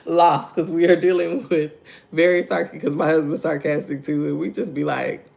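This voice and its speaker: Chatty woman with a gravelly edge. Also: low voice, fairly even intonation, normal speed, darkish tone. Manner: chatty, laughs often, repeats her points, greets viewers by name; asks "right?" and "okay?" to draw listeners in. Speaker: host of a morning devotional livestream. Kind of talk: casual devotional livestream talk.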